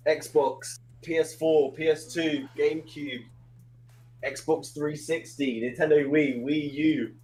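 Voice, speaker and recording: A man in his thirties, a guest on a casual podcast, relaxed and quick to laugh. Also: on the high side, low-quality recording. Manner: laid-back, laughs easily. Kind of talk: casual chat.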